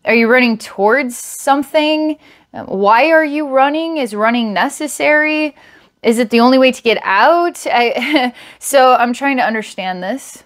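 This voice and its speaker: Hesitant woman giving a psychic reading. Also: high-pitched. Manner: halting, searching, many fillers and repeats. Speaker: psychic reader.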